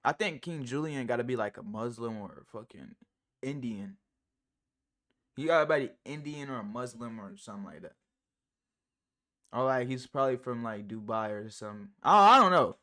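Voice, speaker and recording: A man streaming live and reacting to clips in casual chat, slangy and profane, rambling with many fillers and big jumps in pitch and loudness. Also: moderate pace, long pauses.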